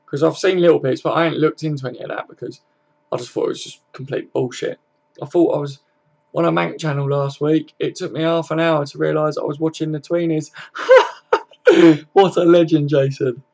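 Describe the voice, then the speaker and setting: Male stream host with a gravelly, slightly high voice. Laid-back, loose chat with viewers, frequent swearing. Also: fairly even intonation, fairly quick, darkish tone. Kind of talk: casual live stream chat.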